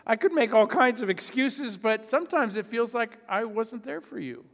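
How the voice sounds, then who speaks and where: A male pastor with a high voice delivers a sermon in an easy, conversational way, owning up to his own failings and acting out the voices of people he imagines. His words ring out with the long reverb of a church hall. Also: expressive, moderate pace, gravelly, fairly bright tone. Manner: conversational, self-deprecating preaching with mock voices.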